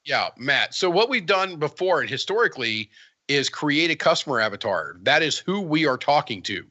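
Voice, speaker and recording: A man's voice: fairly high pitch, moderate pace, no room sound. Wisecracking man, dull dry sound. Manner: excitable, wisecracking. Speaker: podcast co-host. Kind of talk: casual chat.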